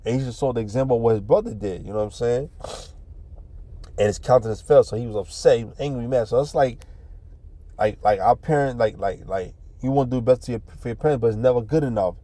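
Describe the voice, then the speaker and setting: Man, Bible teacher, informal preaching, profane slang, repetitive, dark warm tone. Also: medium pitch, fast, dry recording. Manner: blunt, profane, streetwise, repeats himself; reads verses then explains in slang.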